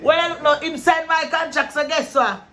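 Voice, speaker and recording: Jamaican man, high bright voice, talkative barbershop storyteller. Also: normal speed. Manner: rambling animated storytelling. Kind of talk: casual chat.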